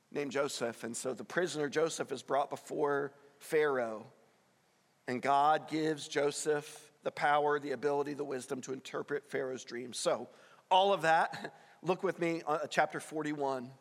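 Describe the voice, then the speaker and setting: A male pastor preaches in an earnest, conversational way, his voice sitting a little high for a man. He pushes up hard on the key points. The sound rings with the long reverb of a big church hall. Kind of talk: sermon.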